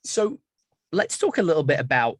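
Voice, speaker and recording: A man's voice: a little high, wildly swooping pitch, normal speed, slightly rough, dry recording. A man hosting a podcast, introducing his guest in an enthusiastic, rambling chat with plenty of fillers. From not from Canada. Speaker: podcast host. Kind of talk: casual interview chat.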